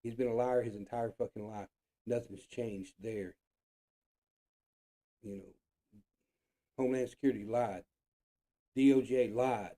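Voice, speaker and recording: A man's voice: mid-range voice, fairly even intonation, a little slow, long pauses, mellow. A man from the United States hosting his own show, delivering a blunt, profane political rant and repeating his points with frustration. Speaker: show host.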